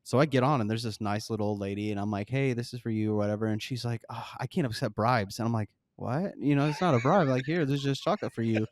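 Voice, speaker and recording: A man co-hosting a podcast who tells stories at a fast clip, slipping into the voices of the people he quotes. His voice is recorded close and dry, with no room sound. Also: mid-range voice, dry recording. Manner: animated storyteller, acts out quoted voices. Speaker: podcast co-host. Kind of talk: casual chat.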